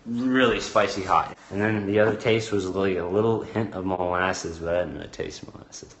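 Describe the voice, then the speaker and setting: A man's voice: low-pitched, fairly even intonation, normal speed, a little hiss or hum. A young man vlogging outdoors in the woods, talking in a jokey, dramatic, complaining way. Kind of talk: casual vlog commentary.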